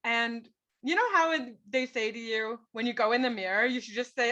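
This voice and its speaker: Earnest, bright-voiced woman telling a story. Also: on the high side, brisk. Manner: earnest, emphatic, tag questions like "right?". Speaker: guest, author. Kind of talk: personal storytelling in an interview. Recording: dull lo-fi podcast audio.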